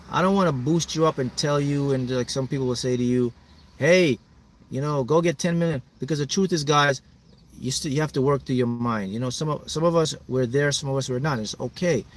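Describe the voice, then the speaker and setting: A man's voice: mid-range voice, fairly quick. Emphatic man giving a motivational talk. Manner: emphatic, repetitive, pumping up viewers. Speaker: manifesting coach hosting a livestream.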